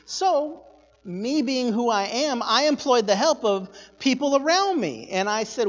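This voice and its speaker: Animated male preacher telling a story, moving from quiet asides to loud bursts; muffled, reverberant hall. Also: extremely high pitch, a little slow. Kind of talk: sermon storytelling. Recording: echoey hall, dull sound.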